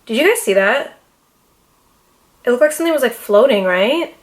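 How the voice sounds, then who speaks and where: A young woman talking straight to her camera in a casual sit-down vlog, animated, dramatic and full of swearing. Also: fairly high pitch, normal speed. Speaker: YouTuber. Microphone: camera mic, seated in front of camera.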